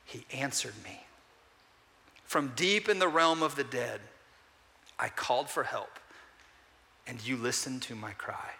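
A man preaching a sermon, earnestly asking his congregation questions and moving between emphatic peaks and quiet pauses. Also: mid-range voice, animated, creaky. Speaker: pastor. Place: church sanctuary. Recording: long hall reverb.

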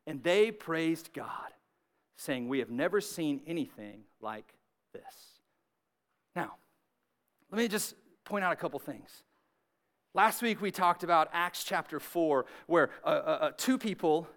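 A man preaching a sermon, telling the story in a lively, conversational way, acting out the characters and often asking "right?". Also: high voice. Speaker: pastor. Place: church service with several campuses.

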